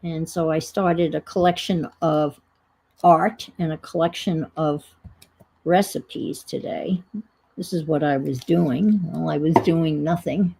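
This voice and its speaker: A woman's voice: low-pitched, steady tone, takes it slowly, vocal fry, mellow, husky, rough recording. A woman hosting a casual crafting stream, thinking aloud and rambling in a self-deprecating way as she works. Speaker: crafting livestream host. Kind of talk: casual chat while crafting.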